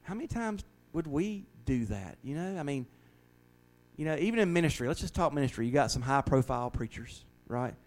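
A man's voice: on the high side, big pitch swings, a little fast, darkish tone, rough recording. A man who is a pastor, earnestly leading a Bible study and often repeating words as he starts a thought.

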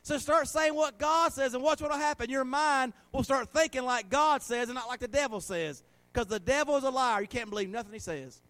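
A man, a pastor preaching a sermon and leading a prayer, swinging between loud exhortation and soft, earnest prayer. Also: very high voice, brisk, hardly any pauses, dry recording.

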